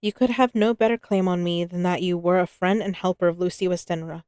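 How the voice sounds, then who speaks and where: A woman's voice: on the low side, fairly even intonation, brisk, a little mellow, smooth, no echo, studio quality, close to an everyday voice. A woman reading a polite young Victorian wife. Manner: polite and formal.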